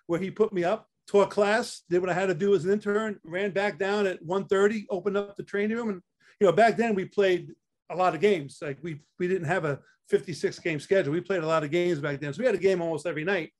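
His voice is high-pitched, steady in tone, and fast. The speaker, an older athletic trainer from Staten Island, chats through a casual storytelling interview, often repeating words.

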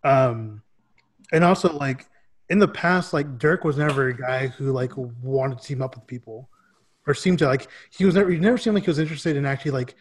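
A man's voice: medium pitch, husky. A man co-hosting a sports podcast, giggly and full of fillers like "you know" and "like". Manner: giggly, filler-heavy, quick. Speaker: podcast host. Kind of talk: casual sports podcast chat.

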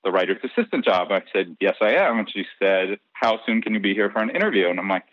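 Lower-voiced man telling a lively story. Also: fast talker, no echo. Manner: lively, acts out dialogue in his stories. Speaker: soap opera head writer, interview guest. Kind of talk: casual anecdotal storytelling. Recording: dull, dry lo-fi podcast audio.

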